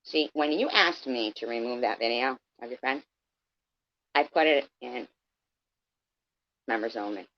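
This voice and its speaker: A woman in her fifties with a very low voice talks straight at her chat in a sarcastic, combative rant. The sound is dull and lo-fi, like home stream audio. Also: a little slow, pauses often. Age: 50s. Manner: sarcastic, combative, addresses viewers by name. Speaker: live streamer. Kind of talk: confrontational livestream rant.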